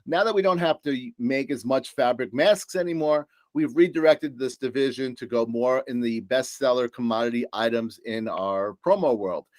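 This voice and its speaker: Upbeat New York salesman, mid-pitched, dry close mic, presenting to buyers with jokes and fillers. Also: moderate pace, hardly any pauses, dry recording. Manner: upbeat, joking salesman's patter with many fillers. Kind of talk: business presentation.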